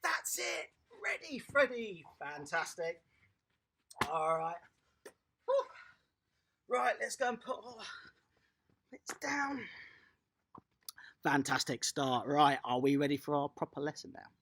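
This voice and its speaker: Kids' tennis coach, home-garden lesson: bright, slightly raspy, upbeat and encouraging. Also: medium pitch, sing-song, slow pace, pauses often. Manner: encouraging, sing-song, talks to young children. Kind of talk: online tennis lesson for small children.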